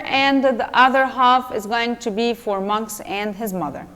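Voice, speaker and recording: A woman with an Egyptian accent, an English teacher retelling a novel chapter to students and explaining it slowly. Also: big-room sound. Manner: slow, explaining, acts out quotes in a lowered voice.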